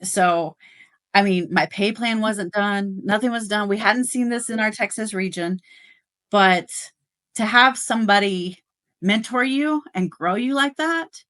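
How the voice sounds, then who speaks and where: A middle-aged woman who manages a dealership's service department tells her story as a guest in a casual interview. Her mid-range voice is unhurried, yet she's animated, with excitement rising and lots of fillers.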